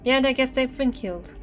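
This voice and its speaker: A young woman streaming horror games, chatting nervously and singing to herself to stay calm. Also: mid-range voice. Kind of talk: live-stream gameplay commentary. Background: faint game music.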